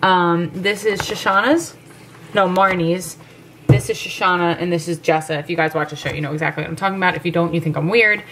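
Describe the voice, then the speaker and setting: A woman vlogging at home, chatting to the camera in an excited, rambling way. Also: lowish voice, a little fast, a little hiss or hum. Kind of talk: casual chat to camera.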